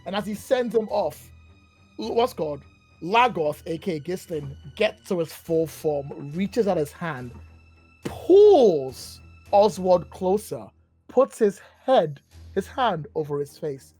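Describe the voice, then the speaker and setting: A man narrating a tabletop role-playing game as game master, casual and animated. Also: high-pitched, slow, breathy edge, soft background music. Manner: animated, casual, rambling with fillers.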